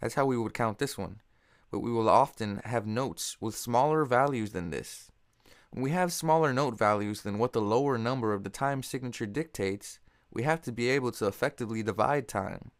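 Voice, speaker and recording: A man narrating a scripted music theory lesson, explaining in a steady, measured way and counting beats aloud. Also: mid-range voice, no echo, clean studio sound. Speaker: music teacher.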